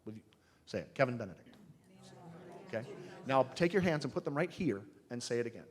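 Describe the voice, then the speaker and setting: A man teaching singing to a live audience in a humorous, animated way, demonstrating sounds with his own voice. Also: mid-range voice, fast talker. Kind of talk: live workshop talk.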